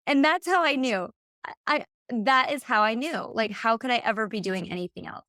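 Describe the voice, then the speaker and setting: Animated woman telling a story. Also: on the high side, normal speed, dry recording, studio quality. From Michigan. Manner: animated, acts out quoted dialogue. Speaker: podcast guest, hypnotherapist. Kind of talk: casual storytelling.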